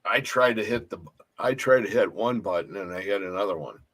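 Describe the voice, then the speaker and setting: A man's voice: on the low side, fairly quick, fairly bright tone. A man hosting a paranormal podcast, chatting casually, often stammering and repeating words. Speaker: podcast host. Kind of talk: casual interview chat.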